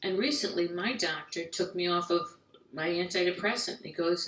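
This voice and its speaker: A woman doing a stand-up comedy set, who often slips into rapid, anxious, rambling inner monologues. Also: lowish voice, a bit bright. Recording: echoey room heard from far off.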